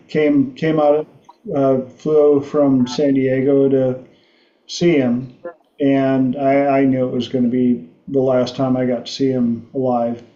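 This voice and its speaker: A middle-aged man hosting a livestream talk show, telling stories slowly with frequent restarts. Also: medium pitch, warm tone, echoey room, lo-fi sound. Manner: slow, halting storytelling with restarts. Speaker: podcast host.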